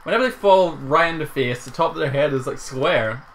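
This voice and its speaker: A young man in casual let's play banter, excitable and swearing at the game. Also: fairly high pitch, fairly quick. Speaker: co-host gamer.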